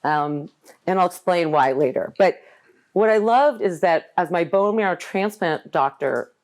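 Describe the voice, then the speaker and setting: A woman in her forties shares her personal story at a live event, candid and wry. Her voice sits low and full. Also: expressive, unhurried, darkish tone. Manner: candid, humorous, acts out quoted voices. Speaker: guest speaker.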